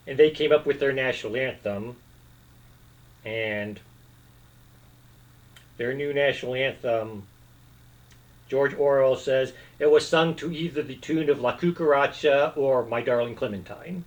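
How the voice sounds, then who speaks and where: A man's voice: a little high, low-quality recording. A man rambling casually as a video host, hesitating often with fillers and restarts, and now and then breaking into short bits of song.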